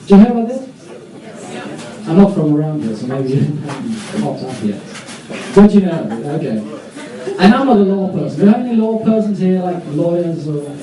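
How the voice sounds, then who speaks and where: A man doing a live stand-up set on a comedy club stage, rambling with self-mocking, deadpan asides. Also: a little high. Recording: echoey club, distant mic, audience.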